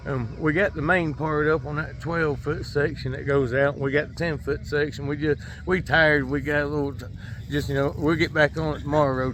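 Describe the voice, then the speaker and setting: A middle-aged man with a Southern US accent talks to his viewers at an outdoor building site, filming himself on a phone camera. His voice sits a little high, and his throat sounds slightly dry. His talk is easygoing and folksy, and he calls his audience y'all. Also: a bit bright, a little hiss or hum. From North Georgia. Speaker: builder and vlogger. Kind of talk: casual chat to camera. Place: outdoors at a house construction site.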